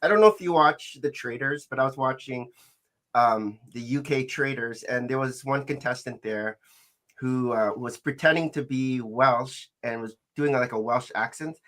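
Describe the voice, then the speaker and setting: A man's voice: medium pitch, normal speed, a bit bright. Curious man asking rambling questions. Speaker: podcast co-host. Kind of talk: casual podcast chat.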